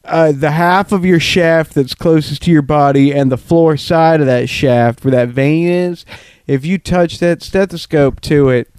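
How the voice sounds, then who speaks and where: A man's voice: fairly high pitch, fairly even intonation, a little slow, a little mellow, clear, resonant tone. A young man with a Southern US accent, rambling through crude casual chat on a couch with friends, full of restarts. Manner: rambling, profane, many restarts. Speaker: podcast co-host. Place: living room couch.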